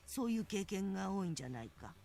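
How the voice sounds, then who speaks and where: A woman's voice: medium pitch, very animated, rapid-fire, creaky, mellow, soft background music. A woman voicing a stern, knowing elderly grandmother in a visual novel. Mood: grave, explaining. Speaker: game character. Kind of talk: Japanese visual novel voice acting.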